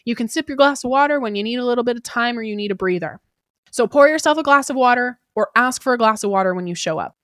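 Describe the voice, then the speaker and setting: A chatty woman hosts an advice podcast. She talks quickly, often uses "like" and "kinda", and keeps asking "right?". The sound is dry and close, with no room echo. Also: fairly high pitch, animated, a bit bright. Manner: quick, chatty delivery with frequent "right?" tag questions; fillers like "like" and "kinda". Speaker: podcast host giving job-interview advice.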